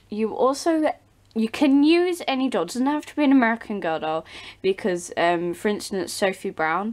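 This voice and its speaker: Chatty teen girl. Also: mid-range voice. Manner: chatty, rambling, many ums and restarts. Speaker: doll channel vlogger. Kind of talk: casual vlog chat. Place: home, behind the camera.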